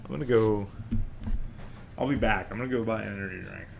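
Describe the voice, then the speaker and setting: A man's voice: fairly low pitch, fairly quick, vocal fry, slight background noise. A man from North Carolina commentating a card game stream, bantering and joking with his co-host. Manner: joking, laughs often, playful banter. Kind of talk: casual chat between matches.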